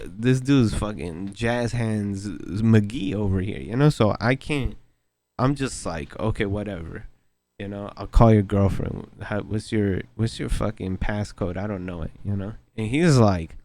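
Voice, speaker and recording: A man's voice: on the low side, a little mellow, no room sound. A young man telling a casual, slangy story with plenty of swearing, often breaking into laughter at his own telling. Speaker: vlogger.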